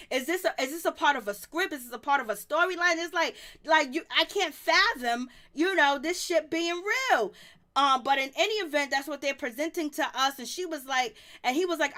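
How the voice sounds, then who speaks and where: A woman's voice: high-pitched, pushed and bright. A woman hosting a casual talk show, recapping a reality series in a blunt, slangy way and laughing often. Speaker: podcast host recapping reality TV. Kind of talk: casual chat.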